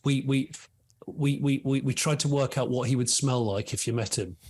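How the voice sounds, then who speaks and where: A man's voice: mid-range voice, fairly even intonation, normal speed, darkish tone. A man with a British accent, a podcast guest in casual chat, joking, laughing and restarting his words. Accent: British English. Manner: jokey, laughing, stammering restarts.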